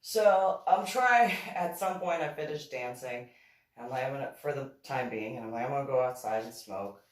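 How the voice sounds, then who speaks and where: A woman's voice: extremely low pitch, normal speed. A woman telling a story from her own life in a casual monologue, turning stern and scolding when she quotes herself. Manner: animated, stern scolding when quoting herself, laughs often. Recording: roomy echo, distant from mic.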